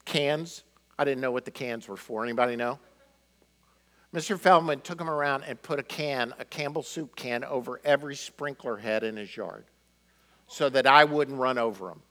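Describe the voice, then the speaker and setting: A middle-aged man telling personal stories in a conversational sermon, animated and full of fillers. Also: mid-range voice, moderate pace. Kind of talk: sermon storytelling.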